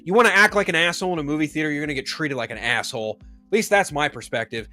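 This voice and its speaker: Profane ranting man, high and lively. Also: fast, faint music behind. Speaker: commentary show host. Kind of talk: ranting commentary.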